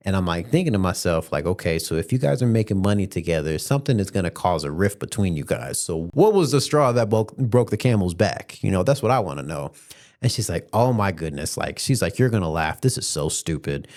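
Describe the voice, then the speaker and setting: A young man with a fairly low voice tells a story on his own podcast. He talks in a loose, casual way and chuckles at the funny parts. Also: darkish tone. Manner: laid-back, laughing as he retells a passenger's story. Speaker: podcast host.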